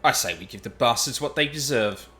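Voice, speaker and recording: Brash game pirate captain, gruff and barking orders, bright forceful voice, swings all over done by a man reading along. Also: mid-range voice, animated, fairly quick, pitched above the performer's own voice, lightly acted. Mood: angry. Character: brash, hot-tempered male pirate captain.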